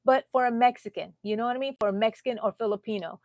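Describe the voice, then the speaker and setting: A woman's voice: fairly high pitch, fast, a little mellow, no echo. A middle-aged woman from the United States chatting casually on a crochet live stream, laughing often and talking to viewers by name. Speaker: crochet vlogger.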